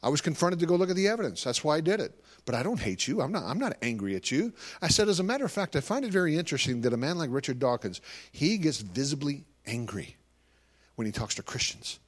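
A man's voice: on the high side, sing-song, fast talker. A man giving a live talk to an audience as a Christian ministry speaker, telling stories animatedly and acting out conversations.

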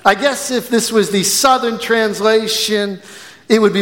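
A male pastor from the northern United States preaching a sermon in a church, swinging from quiet, measured phrases to loud, emphatic ones. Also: high voice. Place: church sanctuary. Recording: long hall reverb.

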